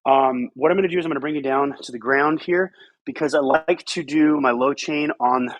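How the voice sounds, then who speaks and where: A man coaching a guided mobility routine, calling out repetitive energetic cues. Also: medium pitch, brisk. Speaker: fitness coach. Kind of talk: guided exercise instruction.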